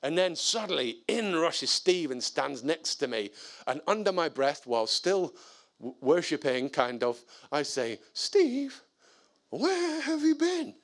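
A man preaching a sermon, telling stories in an animated, conversational way and reading scripture aloud. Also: medium pitch, measured pace, gravelly. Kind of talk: sermon with storytelling.

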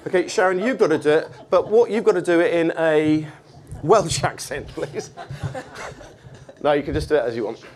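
A man preaching informally to a church group, chatty and joking with many fillers. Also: on the high side. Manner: slow, deliberate scripture reading. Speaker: preacher leading a Bible study.

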